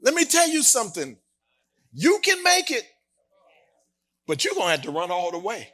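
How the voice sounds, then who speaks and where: A man's voice: very high-pitched, huge pitch swings, moderate pace, pushed and bright. A male pastor preaching a sermon, telling a story and then rising into emphatic exhortation with teasing asides to the congregation.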